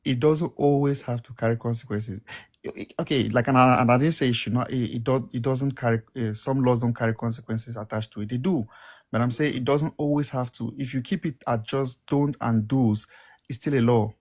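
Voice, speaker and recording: A man's voice: medium pitch, fairly even intonation, fairly quick, darkish tone. A man with a mid-range voice, talking things through on a casual chat podcast. He explains earnestly and keeps defending his point. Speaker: podcast co-host. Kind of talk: casual debate.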